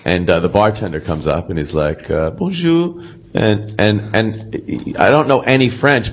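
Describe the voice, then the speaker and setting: A man's voice: mid-range voice, big pitch swings, normal speed, noisy background. Sardonic man bantering on live radio. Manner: sardonic, swears freely. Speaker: radio co-host. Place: stage at a comedy festival with live audience. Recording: dull live broadcast audio with crowd.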